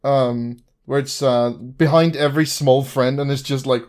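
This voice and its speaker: A woman's voice: rumbling low, steady tone, unhurried, a little mellow. A woman in casual chat, joking and laughing with friends.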